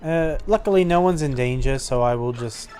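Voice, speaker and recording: A man's voice: mid-range voice, normal speed, smooth, soft background music. A man streaming a game, commenting casually and wryly while reading its dialogue aloud. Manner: relaxed, wry, laughs often.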